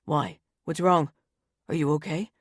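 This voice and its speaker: A woman's voice: sits low, moderate pace, dry recording, studio quality, voice pushed down. A woman voicing a young mafia man who stays cheerful and blasé, in an audiobook. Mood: worried. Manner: blasé, cheerful under fire. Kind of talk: audiobook character voice.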